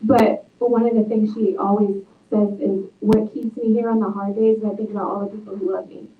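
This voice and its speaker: A woman's voice: medium pitch, little pitch movement, fairly quick. A woman author speaking at a book talk, telling stories earnestly and reflectively. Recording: tinny, echoey, far from mic.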